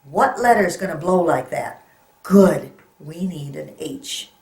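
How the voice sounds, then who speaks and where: A woman teaches beginning readers to spell simple words, sounding each letter out and praising them often. She speaks very slowly, in a voice on the low side. The recording has a roomy echo around her. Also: animated, a little mellow. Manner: slow, patient, encouraging, sounds out letters. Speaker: reading teacher. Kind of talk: phonics lesson for young children.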